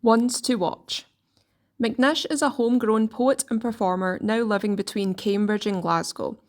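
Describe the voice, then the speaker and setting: A woman reading poems aloud in a slow, measured way, pausing between lines. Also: a little high, fairly even intonation, darkish tone. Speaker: poetry reader.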